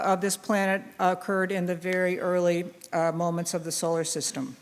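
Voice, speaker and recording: An older woman delivering a formal award tribute in a measured way, pausing often with small hesitations. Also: medium pitch. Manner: warm, measured, with frequent hesitations. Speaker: award presenter giving a laudation. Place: large conference hall on stage. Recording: long reverb of a large hall.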